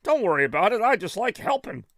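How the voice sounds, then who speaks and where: A man's voice: high voice, big pitch swings, quick pace, fairly bright tone, no echo, clean studio sound, voice pushed up, exaggerated voice. Sonic, a man voicing a breezy hedgehog hero. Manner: breezy and upbeat. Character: cocky young male hedgehog hero.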